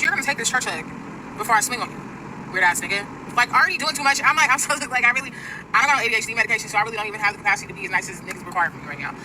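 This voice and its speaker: Young woman, rapid-fire profane storytime rant, street traffic behind. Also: on the high side, distant mic. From US Pacific Northwest. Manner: fast, profane, exasperated. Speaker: storyteller in stitched clip.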